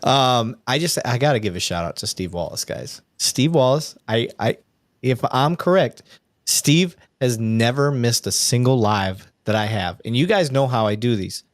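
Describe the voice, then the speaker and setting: A man who is both a police officer and a podcast host runs a live show, giving casual livestream commentary full of ums and restarts. His medium-pitched voice has lively intonation and a moderate pace, recorded at studio quality with no echo.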